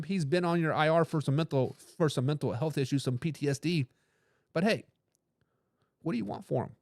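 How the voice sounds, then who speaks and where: A man's voice: on the high side, no room sound, clean studio sound. A man hosting a live sports talk stream, arguing his picks with lots of energy and reading out viewer comments. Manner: animated, hype phrases, frequent restarts. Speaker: sports talk show host.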